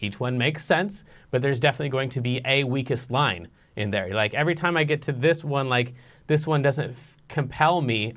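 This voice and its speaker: Chill guy teaching songwriting online, rambly, middle pitch, lots of ums. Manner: relaxed and rambling, many ums and restarts; sings nonsense syllables to show rhythm. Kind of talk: casual online lesson.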